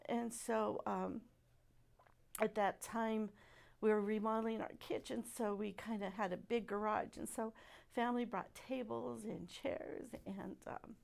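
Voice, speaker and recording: A middle-aged woman giving a personal testimony at church, speaking softly and haltingly with many pauses. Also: medium pitch, fairly even intonation, vocal fry. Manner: halting and soft-spoken, many pauses and fillers.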